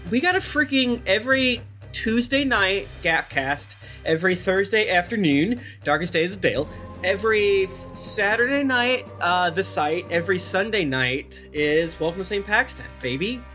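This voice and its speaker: A man's voice: high-pitched, expressive, moderate pace, bright, forceful tone, soft background music. A man hosting a casual podcast chat over a video call, joking and eagerly plugging channels. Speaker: podcast host.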